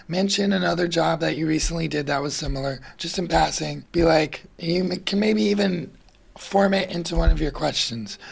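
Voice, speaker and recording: A man's voice: high-pitched, creaky, husky. A man hosting his own channel, giving casual freelancing advice in a conversational way, often tagging "right?" and "like". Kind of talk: casual instructional monologue.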